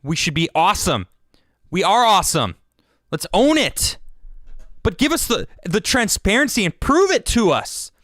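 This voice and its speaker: At a moderate pace, a high-pitched, sing-song, slightly bright male voice hosts a livestream of heated political commentary. He's from the United States, the recording is dry and studio quality, and he stammers, restarts, and repeats his words.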